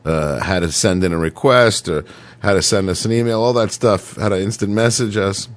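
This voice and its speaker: Hosting a comedy radio show, a man with a voice on the low side banters casually and goofily at a moderate pace. He jokes around and now and then slips into mock accents.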